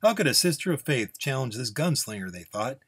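A man's voice: medium pitch, very animated, fairly quick, fairly bright tone, slightly rough. Man reading a Western story aloud. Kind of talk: storytelling narration.

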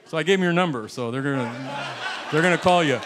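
A man from the United States, a pastor telling a story in a sermon, animated and chuckling as he acts out the people in it. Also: fairly high pitch, quick pace, crowd noise, noisy background. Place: church sanctuary.

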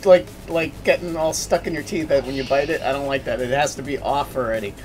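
A man's voice: medium pitch, steady tone, a little fast, over music. A man co-hosting a casual live-stream chat, rambling and stammering through restarts.

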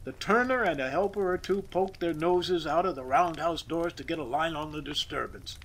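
A man narrating a classic story as an audiobook reader, expressive and measured. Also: a little high, poor audio.

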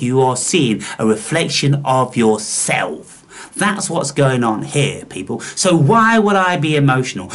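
A man preaching a belligerent, profane monologue to his viewers, scornful and full of rhetorical questions. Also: medium pitch. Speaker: spiritual channel host.

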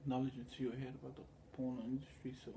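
A man's voice: medium pitch, little pitch movement, quick pace, mellow, slight background noise. A man talking in a loose, meandering monologue, often slipping into quoted voices as he tells his story. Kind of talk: rambling monologue.

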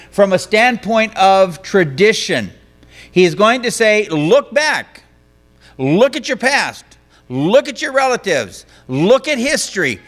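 Bright-voiced, high-pitched male pastor. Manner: conversational preaching, paraphrasing scripture in plain speech. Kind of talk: sermon.

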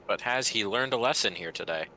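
A man's voice: lowish voice, expressive, a little fast, noisy background. A man playing in a tabletop game, speaking in a laid-back way with ums. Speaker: player. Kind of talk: casual tabletop game play.

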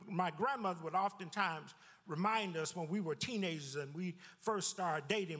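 High-voiced preaching man in a reverberant church. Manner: lively preaching with repeated words and sudden drops in pitch. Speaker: pastor. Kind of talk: sermon. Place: church sanctuary.

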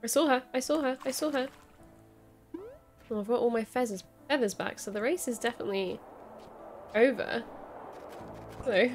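A young woman giving excitable let's-play commentary, squealing, panicking and repeating herself as she plays. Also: a little high, normal speed, pauses often, faint music behind. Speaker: gaming YouTuber.

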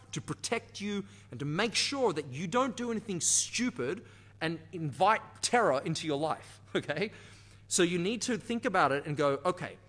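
A man with an Australian accent, a dance teacher and channel host, giving an energetic, emphatic motivational talk to camera. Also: fairly high pitch. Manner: energetic, emphatic, laughs and acts out inner voices.

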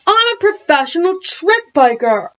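A woman voicing a loopy female librarian who poses as a slangy, loud surfer-dude trick biker, read aloud from a storybook. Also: very high voice, sing-song, unhurried, dull audio, pitched above the performer's own voice, exaggerated voice. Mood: insistent.

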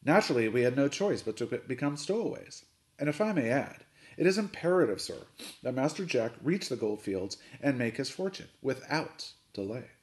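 A man voicing a calm, courteous adult butler who speaks formally. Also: mid-range voice, natural voice. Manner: formal, courteous, quick speech. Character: polite, unflappable adult male butler.

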